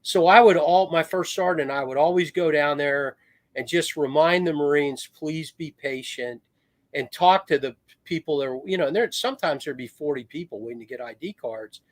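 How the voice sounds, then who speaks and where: Middle-aged man, retired Marine officer, animated storyteller, fairly high voice, dry sound. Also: brisk, no echo. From United States. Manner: animated storyteller, swings into raised voice. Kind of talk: casual anecdote telling.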